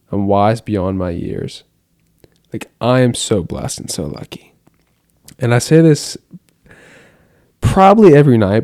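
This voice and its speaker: A man's voice: on the low side, creaky, warm tone, dry recording, clean studio sound. Earnest teenage boy rambling late at night. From United States. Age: teens. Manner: rambling, earnest, many "like" fillers. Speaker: vlogger. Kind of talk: late-night reflective monologue. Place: his bedroom at night. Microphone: camera.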